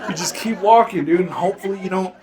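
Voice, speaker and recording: Stand-up comic, male, from the Navajo Nation; lively slangy storyteller who laughs through his bits, a bit high-pitched, live echoey club sound. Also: quick pace, a crowd in the background. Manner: animated, laughing storyteller, slangy with "dude" and "bro". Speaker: stand-up comedian. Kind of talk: stand-up comedy set. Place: comedy club stage with live audience. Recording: echoey club room with audience noise.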